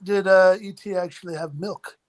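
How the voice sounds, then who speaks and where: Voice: mid-range voice, steady tone, normal speed. A speaker chatting casually on a livestream, laid-back and agreeing along with the host.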